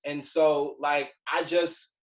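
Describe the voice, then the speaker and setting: A man's voice: a little high, flat delivery, slow. Chatty man in his forties, echoey room. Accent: Southern US. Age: 40s. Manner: chatty, laid-back storytelling full of "like" fillers. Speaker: TV writer sharing career advice. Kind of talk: casual talk to a group.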